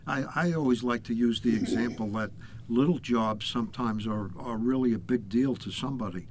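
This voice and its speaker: A man's voice: mid-range voice, a little fast. Older man hosting in easy chat. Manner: conversational, repeats words as he thinks. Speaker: host. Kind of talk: casual talk show chat.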